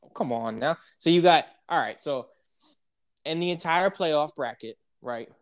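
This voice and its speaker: Male sports debate co-host, animated, voice a bit high, hype man energy. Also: measured pace, clear, resonant tone. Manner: animated, repeats himself, hypes the game.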